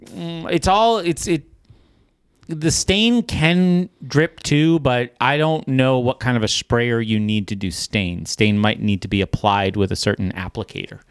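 A man co-hosting a podcast who explains things calmly and asks short follow-up questions in casual chat. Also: medium pitch, measured pace, clear, resonant tone, no echo, studio quality.

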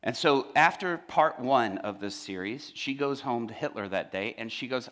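A male pastor telling a story in a sermon, animated and acting out every character's lines. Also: mid-range voice, moderate pace.

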